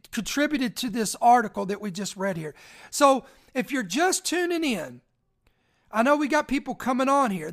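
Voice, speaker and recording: A woman hosting a live news commentary stream, reading quoted passages aloud, slowing down and repeating key lines, often stumbling and restarting words as she talks straight to her viewers. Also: fairly high pitch. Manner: rereads key phrases slowly for emphasis, addresses viewers directly.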